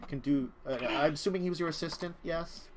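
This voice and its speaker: A man's voice: fairly high pitch, fast, close to an everyday voice. A man voicing a courteous, formal clerk who stumbles a little over his words. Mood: polite.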